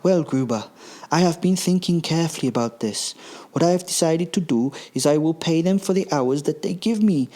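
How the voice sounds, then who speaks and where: A man's voice: on the high side, lively intonation, moderate pace, mellow, pitched above the performer's own voice, lightly acted. A man voicing Hans, a smug, scheming tycoon man who explains his plan.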